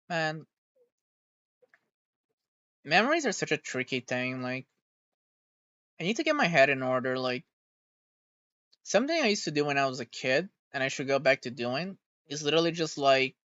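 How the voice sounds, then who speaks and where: A VTuber streamer chatting casually in a rambling way, swearing freely and getting irritated quickly. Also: mid-range voice, expressive, a bit bright, no echo. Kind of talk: casual stream reaction chat. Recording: dull, dry home recording.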